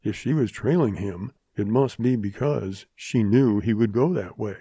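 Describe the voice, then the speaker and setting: Male audiobook narrator, low mellow voice, dry close recording, steady telling. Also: a little slow, slightly rough, dry recording. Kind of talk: audiobook reading of a western.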